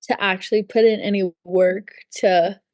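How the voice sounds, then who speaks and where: A woman's voice: medium pitch, fairly even intonation, normal speed, a little mellow, no echo. A young woman co-hosting a podcast in casual chat, emphatic and agreeing, filling her talk with "like". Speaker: podcast co-host.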